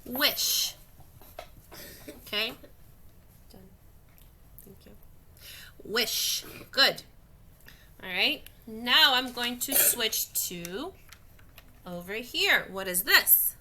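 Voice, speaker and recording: A woman with a very bright, tense, high-leaning voice leads a phonics lesson for little kids. She talks slowly and patiently, drawing out each sound and praising often. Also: expressive, slight background noise. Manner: slow, patient and encouraging, stretching out sounds. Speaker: teacher. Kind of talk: phonics lesson for young children.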